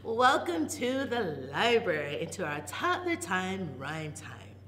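A woman librarian leads toddler storytime, her voice swooping up and down in a lively sing-song with delighted gasps and hushed asides. She talks at an unhurried pace. The recording has a long reverb tail and a faint low rumble behind it. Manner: slow, animated, sing-song, with delighted gasps and soft whispers. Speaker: children's librarian. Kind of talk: toddler storytime with rhymes and songs.

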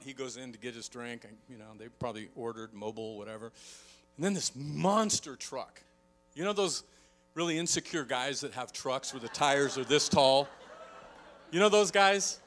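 A man preaching a sermon in a church, telling a story with lively energy and acting out the people in it. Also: medium pitch, moderate pace. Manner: animated storytelling, acting out shouts. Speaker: pastor.

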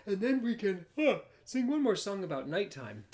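A man's voice: sits high, sing-song, moderate pace, very noisy. Playful male preschool music teacher. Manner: playful, apologetic, laughs often, drops to soft whispers. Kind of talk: live-streamed kids' music and movement class.

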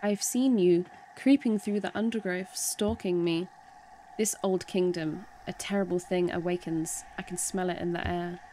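A woman reading the lines of a wary young woman warrior in a low, grave voice. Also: fairly even intonation, moderate pace, warm tone, a little hiss or hum, close to an everyday voice. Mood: grave warning.

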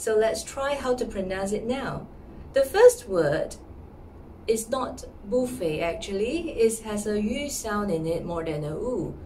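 A woman teaching pronunciation in a lesson, sounding out words slowly and repeating them with care. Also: mid-range voice, lively intonation, a little mellow, recorded from a distance, a little hiss or hum. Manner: slow, careful, repeats words. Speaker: music teacher.

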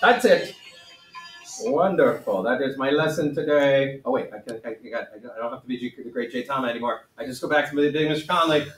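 A man's voice: mid-range voice, quick pace, few pauses, faint music behind. Joking male teacher in an echoey room. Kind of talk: casual classroom video. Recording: roomy echo, mic at a distance.

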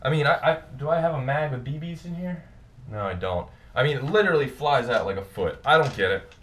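Young male vlogger, irritated and profane, rambling delivery with a very animated pitch. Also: a little fast. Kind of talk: casual ranting vlog.

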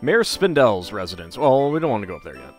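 A man hosting a game playthrough, joking casually and reading item text aloud with excited bursts. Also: on the low side, fast, faint music behind. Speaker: let's play host.

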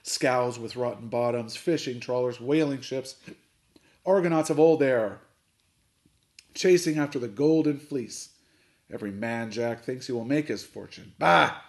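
A man's voice: mid-range voice, measured pace, close to an everyday voice. A man voicing a blustering, hot-tempered old sea captain who roars and bellows. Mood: scornful. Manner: roaring, bellowing shouts.

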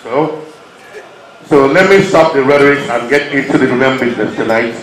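A Nigerian man telling his story to a live audience, impassioned, moving between loud urging and quiet, choked-up moments. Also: mid-range voice, normal speed, reverberant, low-quality recording. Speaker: performer speaking to an audience. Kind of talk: emotional testimony on stage.

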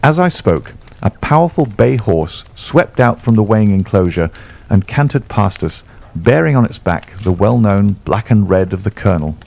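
Gravelly, expressive male storyteller. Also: fairly low pitch, normal speed. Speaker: audiobook reader. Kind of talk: scripted story narration.

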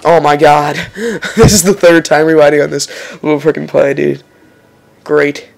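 Excitable young man with a gravelly voice. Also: fairly high pitch, normal speed, soft background music. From Lithuania. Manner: excitable, swears and exclaims at mistakes. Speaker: gaming channel host. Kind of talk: casual let's-play commentary.

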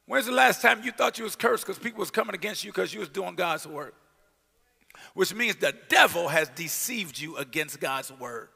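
High, lively, shouting preacher in a big hall. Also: male voice, normal speed, vocal fry, husky. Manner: preaching with shouted scripture and vernacular asides. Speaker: pastor. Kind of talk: sermon. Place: church sanctuary. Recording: long reverb of a church hall.

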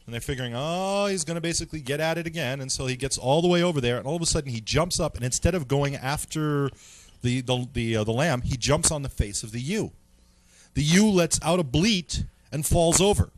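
Guy rambling through a story, mid pitch, says basically a lot. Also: fairly quick. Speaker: radio show co-host. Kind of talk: casual storytelling chat.

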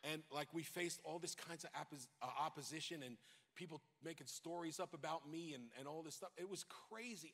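A man's voice: a little high, a little fast, a bit bright. A middle-aged pastor from New York with a New York accent, preaching a sermon and exhorting his congregation with rising intensity. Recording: long hall reverb.

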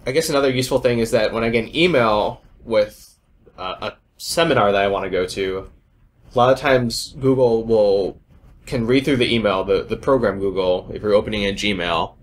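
A man's voice: on the low side, normal speed. Chatty young man hosting a podcast. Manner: chatty, joking, wanders off on tangents. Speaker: podcast host. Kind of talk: casual chat.

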